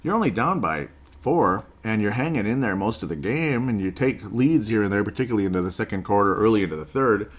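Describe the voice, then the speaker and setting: Host, male, 40s, lower register, sarcastic exasperated sports rant. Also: animated, quick pace. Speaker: basketball podcast host. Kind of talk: casual sports commentary.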